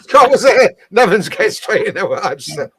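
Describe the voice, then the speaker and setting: Male co-host, higher-leaning voice, dry close sound, chatty and giggly reading comments. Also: sing-song, fairly quick, bright, forceful tone, husky, no echo. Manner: chatty, laughs often, reads comments aloud. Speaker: co-host reading out viewer captions. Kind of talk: casual live-stream banter.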